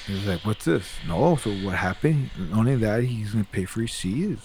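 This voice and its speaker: A man's voice: fairly low pitch, moderate pace, a little hiss or hum. A man casually telling a long story, rambling and swearing a lot as he gets worked up. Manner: rambling, profane, animated retelling.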